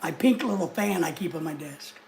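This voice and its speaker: A man's voice: fairly high pitch, expressive, brisk, vocal fry, darkish tone, a little hiss or hum. An American man hosting a livestream, chatting casually and reading out and greeting viewer comments from his home desk. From United States. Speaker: livestream host. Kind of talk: casual live chat.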